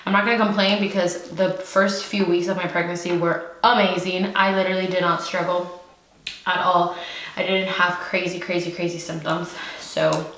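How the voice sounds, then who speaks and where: A woman's voice: fairly low pitch, flat delivery, normal speed, fairly bright tone, roomy sound, low-quality recording. A young woman from California, pregnant and out of breath, chatting casually to camera while eating noodles. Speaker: YouTube host. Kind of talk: casual mukbang chat.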